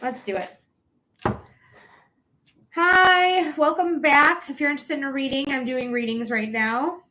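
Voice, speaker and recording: A woman speaking casually into her phone on a live stream as a psychic reader. Her voice sits a little high. She rambles and swears freely, talking frankly and directly to her viewers. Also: a little slow, bright, forceful tone.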